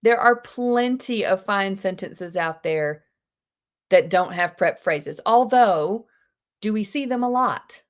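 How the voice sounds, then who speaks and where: Chatty teacher on a video call. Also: female voice, mid-range voice, slow. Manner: lively, chatty, gasps with delight, quotes movie lines in put-on voices. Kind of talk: live online class, casual teaching.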